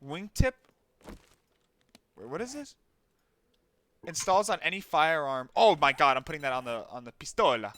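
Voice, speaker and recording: Bright-voiced young man gaming and swearing. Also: a little high, moderate pace, long pauses. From New Jersey. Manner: swears freely, animated storytelling. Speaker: streamer. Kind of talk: casual chat while gaming.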